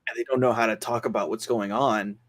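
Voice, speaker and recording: A man's voice: fairly low pitch, fairly even intonation, fairly quick. A man hosting a casual podcast, recapping a film's plot in a rambling way full of fillers. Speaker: podcast host reviewing a film.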